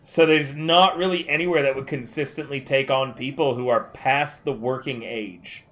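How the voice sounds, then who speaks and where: A man acting as game master, explaining the game world in a relaxed way with many ums. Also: medium pitch, moderate pace. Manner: relaxed, lots of ums and uhs.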